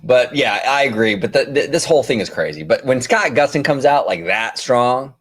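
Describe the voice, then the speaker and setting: Animated ranting male podcast host. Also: medium pitch, normal speed. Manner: animated, exasperated ranting with fillers. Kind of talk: casual chat.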